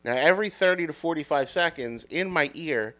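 A man's voice: on the high side, lively intonation, fairly quick, a bit bright. A man doing a comic bar-story bit, profane and self-mocking, acting out the voices. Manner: profane, self-deprecating, acts out quotes. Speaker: podcast guest. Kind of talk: comedic storytelling.

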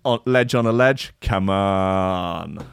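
A man's voice: low voice, takes it slowly, vocal fry, smooth. A man hosting a podcast, reading the news aloud with wry, mocking asides and frequent giggles. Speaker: podcast host. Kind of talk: comedic news-reading chat.

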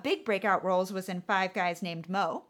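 A woman co-hosting a podcast, chatting casually about a TV show in a lively, conversational way. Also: mid-range voice. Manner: lively, conversational, quick to agree. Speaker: podcast co-host.

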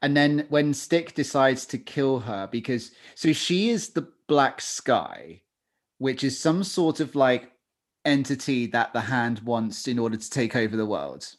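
Male podcast co-host, mid-pitched, chatty, restarts a lot. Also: lively intonation, a little slow. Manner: chatty, hedging with fillers and self-corrections. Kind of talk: casual chat.

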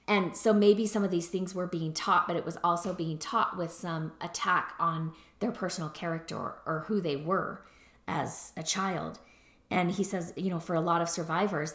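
A middle-aged woman therapist talks through her points in a relaxed, conversational way and keeps asking "right?". Her voice sits a little low. The room around her is echoey. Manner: conversational, explains with frequent "right?" and "like". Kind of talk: casual lecture on a book.

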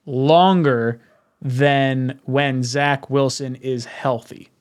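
A man's voice: medium pitch, steady tone, drawn-out words, clear, resonant tone. A man hosting a sports podcast who reads listener comments and teases his co-hosts in casual chat. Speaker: podcast host.

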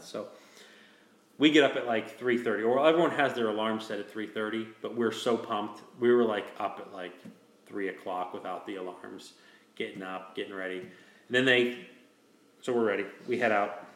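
A man's voice: lowish voice, normal speed, a bit bright, roomy sound. A man telling a long story in casual chat, rambling with restarts and fillers. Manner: rambling, with many restarts and "you know". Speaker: host telling a hunting story.

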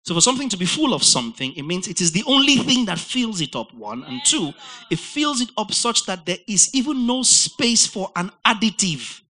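Bright-voiced man preaching with emphasis. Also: high voice, big pitch swings, normal speed, hardly any pauses, rough recording. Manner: emphatic teacher, repeating words and quizzing listeners; spells out and explains Greek words. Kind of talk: sermon.

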